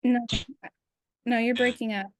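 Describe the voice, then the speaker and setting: A woman's voice: a little high, fairly even intonation, a little slow, a little mellow, dry recording. A young adult woman chatting as a guest on a video call, rambling with lots of fillers. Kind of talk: casual interview chat.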